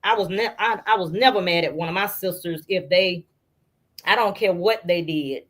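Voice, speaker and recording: Middle-aged woman telling lively family stories. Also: lowish voice, moderate pace. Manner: animated storyteller who acts out family members' voices. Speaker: guest. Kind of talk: casual storytelling interview.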